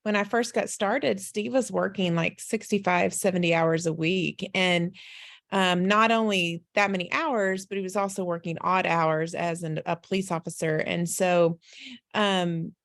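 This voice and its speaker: Woman on a business call, candid and encouraging, gravelly voice, dry close sound. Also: lowish voice, steady tone, measured pace, no echo. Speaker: team leader and guest on a business call. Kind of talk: casual motivational sharing.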